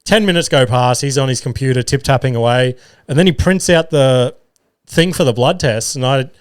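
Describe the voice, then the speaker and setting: An Australian man tells stories on his own podcast, swearing freely and poking fun at himself with lively energy. His voice sits at an ordinary middle pitch for a man. The sound is close and dry, with almost no room around it. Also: normal speed, smooth, no room sound. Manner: profane, animated, self-mocking. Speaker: podcast host. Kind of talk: casual storytelling monologue. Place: single-car garage studio. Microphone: studio mic.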